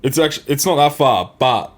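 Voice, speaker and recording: A young man trades stories on a casual podcast. He talks in an animated, swearing rush, his pitch sitting in an ordinary middle range. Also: a little fast. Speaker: podcast co-host. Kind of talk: casual banter.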